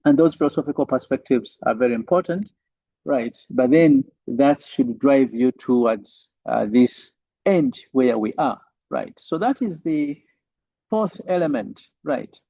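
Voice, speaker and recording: A man's voice: mid-range voice, expressive, unhurried, vocal fry, no room sound. Man lecturing over lo-fi call audio. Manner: repeats "right?" as a tag, many fillers. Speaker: university lecturer. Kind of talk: online lecture.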